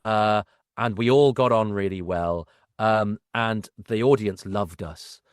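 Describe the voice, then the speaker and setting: A man's voice: lowish voice, takes it slowly, clear, resonant tone, no room sound, clean studio sound. A middle-aged man, an actor and podcast guest, telling anecdotes in a wry, self-deprecating way.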